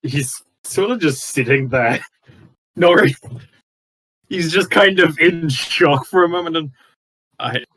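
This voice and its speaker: Male player, slow, drawn-out casual chat. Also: a little high, a bit bright, no room sound, poor audio. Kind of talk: tabletop game chat.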